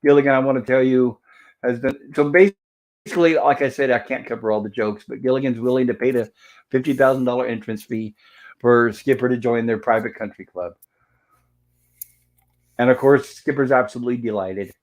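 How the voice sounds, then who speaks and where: A man in his home talks through an old sitcom episode in a relaxed, meandering way. His voice sits at an ordinary middle pitch. He chuckles often and strings thoughts together with "and of course" as he goes. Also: moderate pace. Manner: rambling, chuckling, leans on "and of course". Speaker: host recapping a TV episode. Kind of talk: casual episode review chat.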